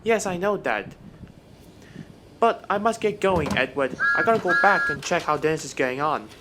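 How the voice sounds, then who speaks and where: A man voicing a cheerful, helpful young male tank engine in a fan story, in a bright, eager manner. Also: fairly high pitch, expressive, moderate pace, heavy background noise, close to an everyday voice.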